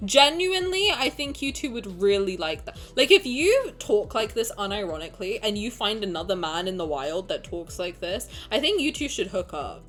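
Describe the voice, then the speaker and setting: A woman's voice: medium pitch, sing-song, moderate pace, few pauses, a bit bright, soft background music. A young woman streaming live, reading chat messages aloud and reacting with swearing and frequent laughter.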